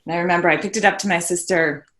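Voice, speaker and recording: A woman's voice: on the low side, steady tone, very fast, a bit bright. A woman guest on a podcast, telling a painful personal story earnestly and checking in with "right?". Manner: earnest, tags points with "right?". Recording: roomy echo.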